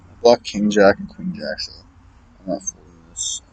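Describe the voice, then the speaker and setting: A man with a fairly low, darkish voice and lively intonation speaks at a moderate pace; the rough recording has a little hiss or hum. An online poker streamer, he casually talks through his hands, muttering reads and swearing exasperatedly at opponents.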